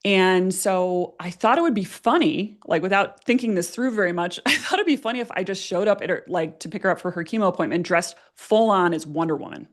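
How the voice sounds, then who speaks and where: A woman presenting at a workshop, telling a personal story in a lively way, laughing often and using many fillers. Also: lowish voice, brisk, hardly any pauses.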